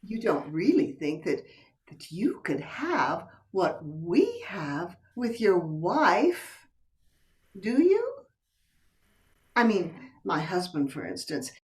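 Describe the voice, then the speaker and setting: A woman's voice: on the low side, big pitch swings, slow pace, recorded from a distance. An older woman acting a playful wife who teases and coaxes her husband, in a stage play performed over a video call. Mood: fond. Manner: coaxing, teasing, drops to whispers. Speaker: actor in a play. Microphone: computer mic on a video call.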